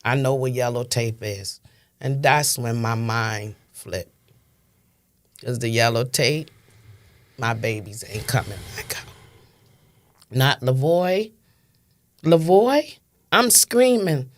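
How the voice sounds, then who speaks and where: A woman's voice: extremely low pitch, steady tone, takes it slowly, pauses often. A woman in her fifties from Brooklyn with a New York accent, speaking with impassioned, emphatic testimony in an interview and repeating phrases for stress. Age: 50s. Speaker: interview guest.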